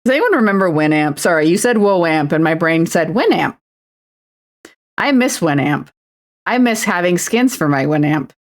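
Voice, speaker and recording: Fairly low in pitch but animated, this woman speaks at a normal speed. A Canadian streamer in her twenties, she chats casually while painting a miniature, teasing herself and breaking into announcer voices.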